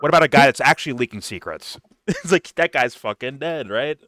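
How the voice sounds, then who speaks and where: A bright, forceful-sounding man talks fast and animatedly in a casual podcast chat. He swears freely and slips into mock voices to quote people. His voice sits close and dry on the mic, with no room around it. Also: medium pitch, expressive, dry recording. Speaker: podcast co-host.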